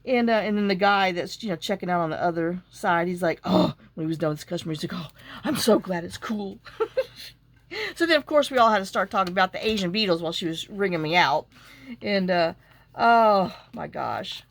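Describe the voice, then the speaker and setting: A woman's voice: lowish voice, quick pace. A middle-aged woman chatting and rambling through stories while she works on a craft project. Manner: chatty, rambling storyteller, talks to herself while working. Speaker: craft vlogger. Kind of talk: casual chat while crafting.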